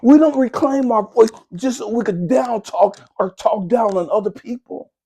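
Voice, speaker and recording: A man's voice: very high-pitched, moderate pace, dark tone, husky. A man, a spiritual coach, delivering a fierce, profane motivational monologue in a preaching, scolding manner.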